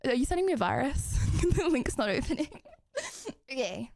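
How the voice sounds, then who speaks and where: Young woman streamer, high voice, bubbly and giggly, casual live chat. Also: sing-song, normal speed, vocal fry, darkish tone.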